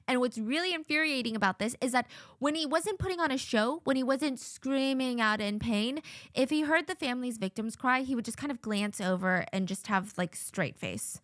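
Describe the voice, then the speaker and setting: A woman's voice: a little high, fairly bright tone, no echo, clean studio sound. A woman hosting a true-crime commentary, retelling a court hearing in an indignant, conversational way. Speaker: host.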